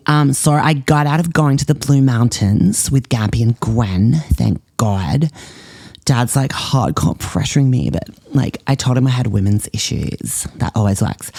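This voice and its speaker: A man's voice: mid-range voice, a little mellow, no room sound, studio quality. A man playing a spoiled, self-obsessed teenage girl influencer with an Australian accent, chattering with whiny valley-girl fillers in a comedy podcast. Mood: bratty. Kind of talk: comedy podcast monologue in character.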